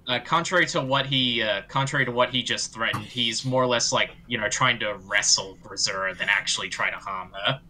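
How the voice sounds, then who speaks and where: A man's voice: mid-range voice, a little fast, hardly any pauses, sharp tone, slight background noise. A man playing a tabletop role-playing game, talking in a hesitant way full of fillers. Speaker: player.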